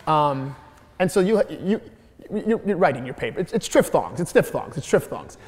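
A man's voice: fairly high pitch, big pitch swings, normal speed. A middle-aged man from Detroit with a Midwestern American accent, a comedian answering audience questions in a Q&A, rambling and restarting his sentences often. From Detroit, Michigan. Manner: rambling, many restarts and stammered repeats. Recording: reverberant hall.

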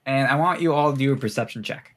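A man's voice: medium pitch, fast, a bit bright. A man running a tabletop game as game master, talking loosely with fillers and laughter. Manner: loose and chatty, many fillers, laughs often.

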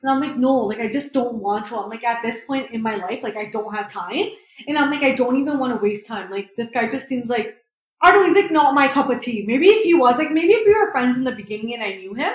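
A woman's voice: a little high, expressive, fast. A woman in her twenties casually telling a long story to a friend, filling her talk with "like" and "right?". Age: 20s. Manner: rambling, heavy use of "like" and "right?". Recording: roomy echo.

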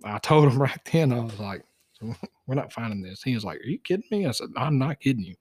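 A man's voice: medium pitch, expressive, brisk, darkish tone, breathy edge. A man, a guest deer tracker telling a folksy story and acting out both sides of phone calls. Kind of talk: casual storytelling.

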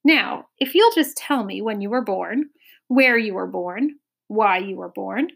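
A woman voicing a fussy little man who is an official census taker, rattling off long lists in a brisk, officious manner. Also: mid-range voice, animated, gravelly, slightly rough, exaggerated voice. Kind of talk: storybook character voice.

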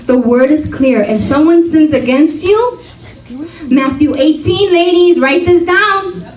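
A women's ministry speaker with a high voice preaches a sermon to a women's gathering in a church hall, speaking unhurriedly with lo-fi sound. She is animated, laughs often, and calls for responses from the crowd. A distant mic in the roomy hall picks up the audience as well.

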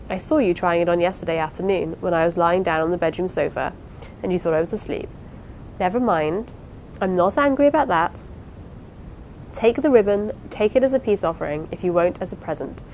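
Eager, apologetic young wife who rushes to make amends, read by a woman, mid-range voice over a faint low rumble. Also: a little mellow, close to an everyday voice, rough recording. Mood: coaxing. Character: impulsive warm-hearted young wife. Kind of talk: audiobook character reading.

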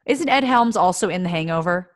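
A young woman co-hosting a podcast, chatting in a bubbly way and quick to exclaim. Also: fairly low pitch, expressive, dry recording, clean studio sound. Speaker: podcast co-host. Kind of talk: casual chat.

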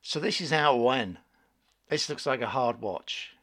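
A man co-hosting a casual film podcast, opinionated and quick to rant with exasperation. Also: mid-range voice, animated, fairly bright tone. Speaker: podcast co-host.

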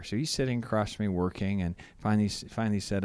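Low-voiced man telling a sermon story. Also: clear, resonant tone. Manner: halting, repeats words, acts out quotes.

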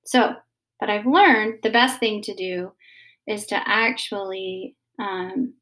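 A woman, in her thirties, talking casually and gently about parenting, with many pauses and fillers. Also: medium pitch. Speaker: mother giving parenting advice. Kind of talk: casual advice talk.

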